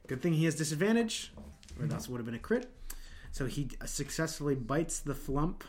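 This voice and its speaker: A man narrating as dungeon master in a casual home game, trading quick asides about rules. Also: a little high, big pitch swings, a little mellow.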